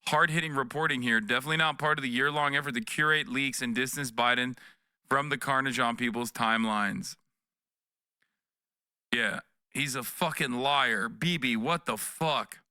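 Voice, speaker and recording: A man's voice: medium pitch, moderate pace, pushed and bright, no echo. A man in his thirties reacting to news clips on a live stream, sarcastic and profane, close to a desk mic. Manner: profane, sarcastic, mocking voices.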